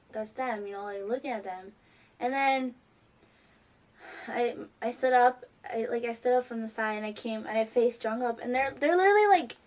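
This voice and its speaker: A young woman telling an excited, rambling story to camera, filled with "like". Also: on the high side. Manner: excitable, heavy use of "like". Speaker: fan vlogger. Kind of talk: casual storytelling.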